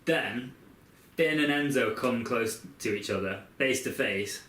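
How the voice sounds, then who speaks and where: A man's voice: mid-range voice, unhurried, a bit bright. A man co-hosting a podcast, rambling as he tells a long scenario in casual chat. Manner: rambling, storytelling play-by-play. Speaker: podcast co-host. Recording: echoey room.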